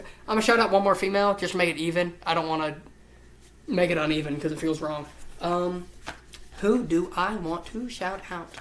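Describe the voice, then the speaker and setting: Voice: mid-range voice, a bit bright, roomy sound. A vlog host rambling casually to camera, gushing and swearing a lot, sounding tired. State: tired, yawning. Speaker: YouTube host. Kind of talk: casual ranking chat to camera.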